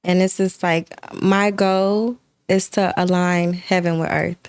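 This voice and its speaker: A woman's voice: fairly low pitch, flat delivery, measured pace, clean tone, no echo. A woman talking as an interview guest in casual chat, earnest and heartfelt, with many fillers.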